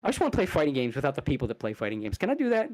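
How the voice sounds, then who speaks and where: A man on a casual podcast, ranting in an angry, profane, heated way with sudden fast bursts. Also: huge pitch swings. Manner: fast bursts and sudden loud jumps in pitch. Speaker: podcast co-host.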